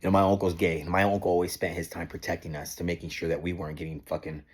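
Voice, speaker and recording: Husky deep-voiced guy in his 40s, cussing and venting on camera, keeps saying man. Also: little pitch movement, rapid-fire. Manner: profane, heated, peppered with "man"; repeats and restarts words when worked up. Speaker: motorcycle owner vlogger. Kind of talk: ranting vlog monologue.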